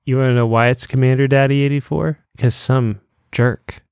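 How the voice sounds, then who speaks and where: Easygoing guy on a podcast, mid pitch, dry sound. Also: fairly even intonation, moderate pace, a little mellow, clear, resonant tone, dry recording. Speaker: podcast co-host. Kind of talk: casual chat.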